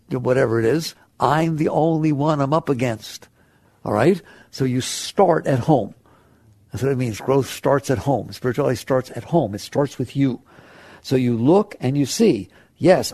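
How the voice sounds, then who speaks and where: A man's voice: mid-range voice, creaky, a little mellow, dry recording. A man giving a spiritual talk to an audience, conversational, laughing often and asking rhetorical questions. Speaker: spiritual teacher.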